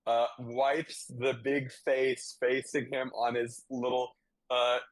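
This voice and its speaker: A man narrating a tabletop game as game master, halting and thinking aloud. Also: medium pitch, flat delivery, no echo.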